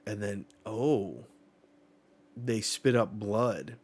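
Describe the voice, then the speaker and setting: A man hosting a live manga reaction, reading the panels aloud and reacting with excited swearing. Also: lowish voice, takes it slowly, husky.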